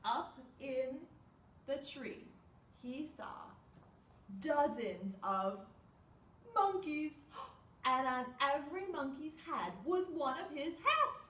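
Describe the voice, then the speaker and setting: A children's librarian leads a storytime, reading aloud in a high-pitched voice at a slow pace with long pauses. She's animated, gasping and asking her young listeners questions. The room is echoey, she's far from the mic, and there's a little hiss or hum.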